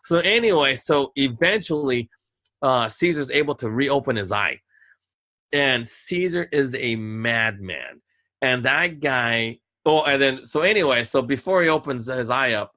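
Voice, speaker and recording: A man telling a long story in casual talk on a podcast, rambling and animated, acting out other people's lines. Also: mid-range voice. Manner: rambling, animated, acts out voices in quotes. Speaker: podcast host.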